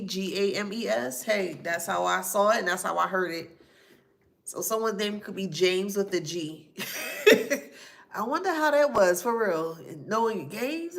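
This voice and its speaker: A woman's voice: medium pitch, vocal fry. A woman giving a psychic reading to camera, listing names and places she says she hears and spelling some of them out letter by letter. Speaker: psychic reader.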